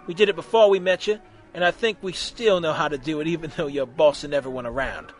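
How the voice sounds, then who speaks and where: A man's voice: a little high, fast talker, faint music behind, lightly acted. A man reading a story aloud, voicing a smug male survivor who teases and mocks in a drawling way. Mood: teasing.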